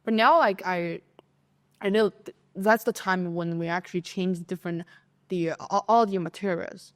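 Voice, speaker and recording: Animated Chinese-accented woman storyteller. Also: fairly low pitch, normal speed. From China. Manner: animated storyteller, acting out classmates' voices. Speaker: podcast co-host. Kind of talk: casual chat.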